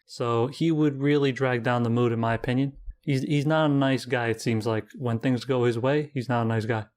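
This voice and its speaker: Young male co-host, mid pitch, blunt, mock-serious, casual chat. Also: fairly even intonation, moderate pace, darkish tone. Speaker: co-host ranking game characters. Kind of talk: casual banter.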